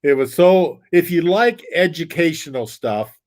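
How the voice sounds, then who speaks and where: A man's voice: fairly high pitch, animated, a little slow, a little mellow. A man talking as a guest on a livestream, rambling in a casual way with lots of restarts and small chuckles. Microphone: desk mic.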